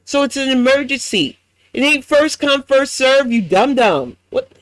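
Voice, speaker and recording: A man's voice: extremely high pitch, animated, a little slow, a bit bright, no echo. A man with a New York accent hosting a reaction commentary, blunt, profane and mocking. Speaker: commentary host.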